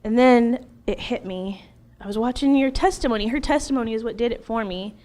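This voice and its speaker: A middle-aged woman in an interview, telling her personal testimony in an emotional, animated way, laughing often and acting out what she once said. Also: fairly high pitch, a little fast. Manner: animated, laughs often, acts out her own past words.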